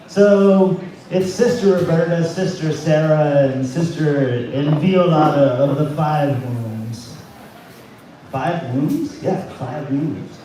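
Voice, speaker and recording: A man's voice: a little high, slow pace, warm tone. A man doing stand-up at an open mic, telling a long joke and losing track of it as he goes. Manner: rambling, loses track of his own joke. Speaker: stand-up comic. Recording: echoey room, far from the mic, faint room noise.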